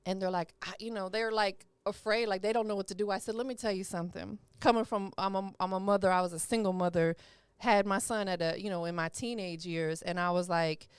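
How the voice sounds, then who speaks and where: A woman's voice: mid-range voice, fairly even intonation, brisk, clean tone, no room sound. A woman hosting a podcast interview, chatty and encouraging. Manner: chatty, encouraging, uses lots of "you know what I'm saying". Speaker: podcast host. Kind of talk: casual interview chat.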